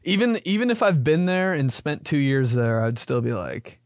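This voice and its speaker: A man's voice: a little high, very animated, normal speed, dry recording, clean studio sound. A young man hosting a podcast, riffing in a jokey comedic monologue and slipping into silly voices. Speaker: podcast host.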